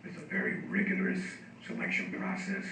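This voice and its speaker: Hoarse police chief in an echoey hall. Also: male voice, high voice, flat delivery, sharp tone. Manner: halting, with many fillers. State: losing his voice, hoarse. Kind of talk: formal address to a village board. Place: council chamber. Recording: echoey hall, distant mic, noisy.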